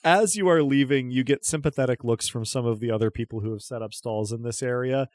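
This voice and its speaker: A man serves as game master for a tabletop game, describing scenes in a relaxed manner with lots of fillers. His medium-pitched voice moves briskly, and the recording is dry.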